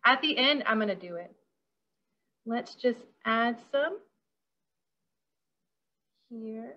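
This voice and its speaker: A woman's voice: a little high, lively intonation, slow pace, long pauses, lo-fi sound. A woman caterer leading a casual hands-on workshop over a video call, bubbly and chatty, giggling often.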